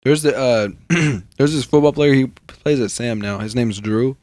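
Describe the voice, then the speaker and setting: A man's voice: moderate pace, darkish tone, a little hiss or hum. A young man co-hosting a podcast in laid-back casual chat, telling stories about school. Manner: laid-back storyteller who acts out others in a higher voice. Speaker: podcast co-host.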